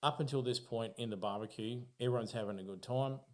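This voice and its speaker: An Australian man telling a spooky personal story on a podcast in a casual, profane, animated way, acting out his own reactions. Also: medium pitch, quick pace.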